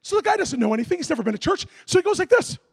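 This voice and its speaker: A man preaching a sermon as a lively story, acting out voices and making comic sound effects. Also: extremely high pitch, rapid-fire, gravelly. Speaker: pastor.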